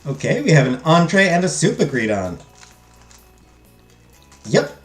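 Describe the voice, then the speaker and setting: Animated young man streaming a game. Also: on the high side, a little slow. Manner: animated, joking, reads game text aloud. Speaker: gaming streamer. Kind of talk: let's play commentary. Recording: echoey room, faint music.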